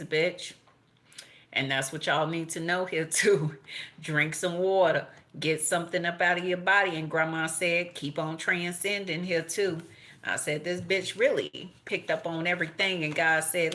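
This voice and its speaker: A middle-aged woman giving a casual tarot and astrology reading, blunt and profane, animated and laughing often. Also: fairly low pitch. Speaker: tarot reader.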